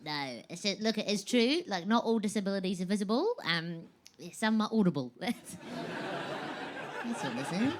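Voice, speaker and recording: A young woman comedian with a New Zealand accent, her voice buzzing and kazoo-like in a way nobody mistakes. She works a stand-up set from the stage with giggly, self-mocking asides. Her pitch swings widely from line to line. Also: animated, moderate pace, background noise. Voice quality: unusual high buzzy voice, kazoo-like. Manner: self-deprecating, giggly, chatty delivery.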